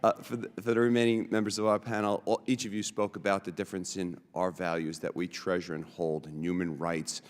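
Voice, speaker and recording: A man from New York, a congressman, asking witnesses questions at a committee hearing, halting with many fillers. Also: sits low, little pitch movement. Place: large hearing room. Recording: long hall reverb.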